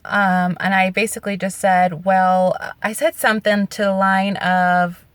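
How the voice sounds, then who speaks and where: A woman's voice: medium pitch, little pitch movement, unhurried, dry recording. A woman telling a personal story in a vlog, earnest, candid and emotional. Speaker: vlogger.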